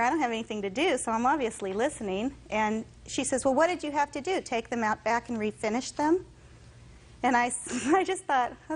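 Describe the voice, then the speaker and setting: A woman testifying in court, telling her story in an animated way and acting out what others said. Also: fairly high pitch, rough recording. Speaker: litigant in court.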